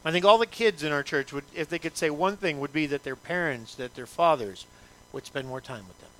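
A man's voice: fairly high pitch, lively intonation, fairly quick, a bit bright, a little hiss or hum. A male pastor preaching a sermon in an emphatic, repetitive way, asking the congregation many rhetorical questions.

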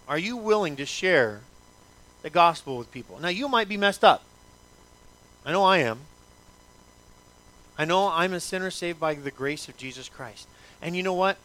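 A man's voice: fairly high pitch, expressive, moderate pace, a bit bright. A male pastor preaching a sermon in an emphatic, repetitive way, asking the congregation many rhetorical questions.

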